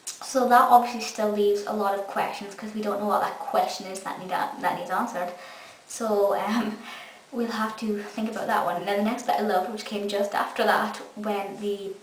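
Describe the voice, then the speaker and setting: Her voice is medium in pitch and steady, moving at a moderate pace as this young Scottish fan reviews an episode with gushing excitement. There's an echoey room sound, a faraway mic, and some faint hiss.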